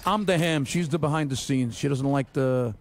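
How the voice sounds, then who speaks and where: A man's voice: medium pitch, normal speed, a little hiss or hum. A man in his fifties with a Brooklyn accent, a stand-up comedian guesting on a radio show. He tells blunt, wisecracking stories. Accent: Brooklyn New York. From Brooklyn, New York. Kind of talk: casual radio interview.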